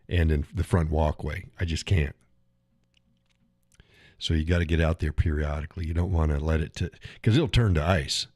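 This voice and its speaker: Low-voiced middle-aged man chatting, dry sound. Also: darkish tone, no echo. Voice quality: chuckles often while talking. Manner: rambling, restarts and repeats phrases. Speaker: live stream host. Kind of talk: casual solo chat.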